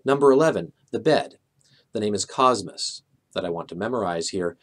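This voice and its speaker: Calm, methodical middle-aged man, low voice. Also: normal speed. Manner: calm, methodical, a few filler "uh"s. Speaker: teacher of a memory technique. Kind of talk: explaining with walk-through examples.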